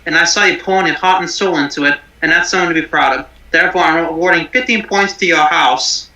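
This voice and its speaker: A man's voice: on the high side, quick pace, bright, forceful tone, roomy sound, pitched below the performer's own voice, low-quality recording. A man putting on a foul-mouthed, furious celebrity chef who teaches at a wizard school, ranting and swearing constantly. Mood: patronizing.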